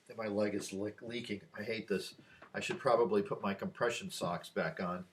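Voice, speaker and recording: A man's voice: lowish voice, steady tone, normal speed, noisy background. An older man vlogging a rambling opinion monologue, drifting off on asides and growing emphatic when he argues a point. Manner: easily distracted, wandering asides.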